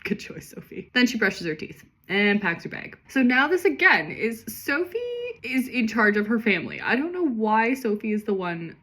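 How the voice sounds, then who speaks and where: A woman's voice: a little high, big pitch swings, moderate pace, a bit bright. A young woman reading her own childhood story aloud and making amused, sarcastic comments about it.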